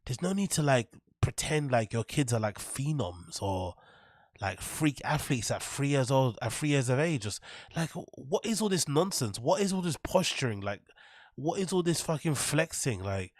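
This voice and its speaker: A man's voice: mid-range voice, expressive, normal speed, dry recording, clean studio sound. A man hosting a commentary show, mocking and ranting sarcastically with plenty of swearing. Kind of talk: reaction commentary.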